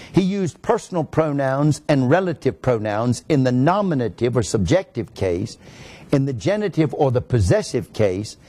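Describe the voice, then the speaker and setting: Animated pastor teaching grammar. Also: male voice, medium pitch. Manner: explains grammar step by step with lively emphasis. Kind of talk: teaching sermon.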